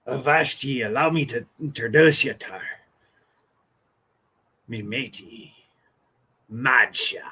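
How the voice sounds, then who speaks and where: A man's voice: mid-range voice, takes it slowly, long pauses, bright, forceful tone, breathy edge, voice pushed down, exaggerated voice. A man putting on the voice of a boisterous, bloodthirsty pirate captain, growling stock pirate talk. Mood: swaggering.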